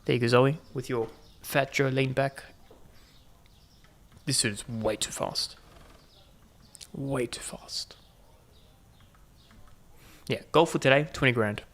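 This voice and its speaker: A man talks his way through a game in a loose, chatty commentary. His voice has a gravelly rasp and sits at an ordinary middle pitch. He keeps throwing playful asides to his viewers. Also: normal speed, fairly bright tone, a little hiss or hum. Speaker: gaming channel host. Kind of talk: casual gameplay commentary.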